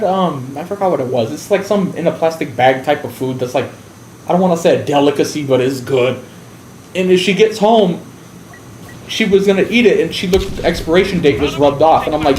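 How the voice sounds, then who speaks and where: A man's voice: fairly high pitch, a little fast, a little mellow. A man from the United States telling a story on his game stream, blunt and full of swearing. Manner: profane, blunt, heavy swearing. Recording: roomy with faint background noise.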